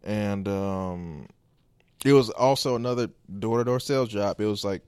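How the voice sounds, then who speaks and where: A man hosting a podcast, telling a story casually in a rambling, animated way with quoted asides. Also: fairly low pitch, normal speed, clean tone, dry recording, studio quality. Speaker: podcast host.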